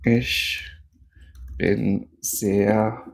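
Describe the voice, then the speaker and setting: Irish man, slow unhurried delivery, gravelly fry, rambling self-talk over app lessons. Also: on the low side, little pitch movement. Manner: rambling, self-mocking, talking to himself. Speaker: German-learning video creator. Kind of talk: thinking aloud while doing app lessons.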